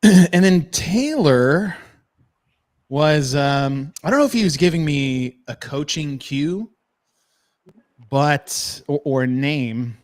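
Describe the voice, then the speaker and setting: A man hosting a casual podcast chat, animated and quick to laugh and swear. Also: fairly high pitch. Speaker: podcast host.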